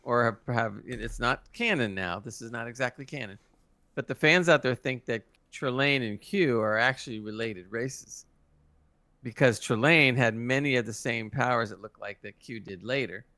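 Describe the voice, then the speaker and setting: A man's voice: medium pitch, normal speed, sharp tone, no room sound. A man hosting a casual podcast review, explaining lore with a keen fan's enthusiasm. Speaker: podcast host.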